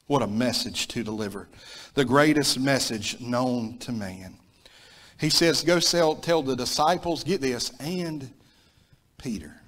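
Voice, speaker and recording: A Southern American preacher delivering a sermon with an emphatic, repetitive style. He builds to loud peaks and then drops low, in a mid-pitched man's voice. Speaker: pastor.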